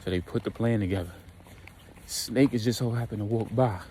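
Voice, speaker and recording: A man's voice: on the low side, fairly quick, dark tone, a little hiss or hum, rough recording. A man casually narrating a story in slangy, conversational speech. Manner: slangy, conversational, retells with quoted voices.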